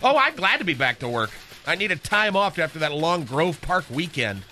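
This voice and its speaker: A man's voice: fairly high pitch, very animated, normal speed, sharp tone, a little hiss or hum. A man playing a flamboyant, catty male receptionist in a radio comedy sketch, chattering campily into the phone. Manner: campy, gossipy, one-sided phone chatter.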